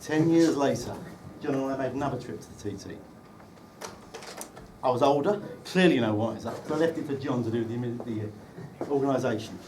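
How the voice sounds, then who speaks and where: A man with a mid-range voice and moderate pace delivers a funny wedding speech about the groom at an indoor reception. He teases him through dry, well-timed anecdotes with sharp comic timing. The mic is distant and the room noise is loud.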